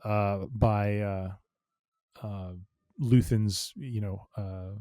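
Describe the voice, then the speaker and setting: A man's voice: on the low side, fairly even intonation, drawn-out words, dark tone, no room sound, studio quality. A man co-hosting a podcast, chatting casually with wry, joking asides. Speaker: podcast co-host. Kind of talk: casual chat.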